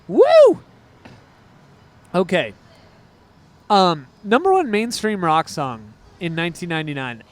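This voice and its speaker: A man co-hosting a casual music podcast, talking in an excitable, rambling way with quick asides. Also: fairly high pitch, no room sound. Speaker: podcast co-host. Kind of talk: casual chat.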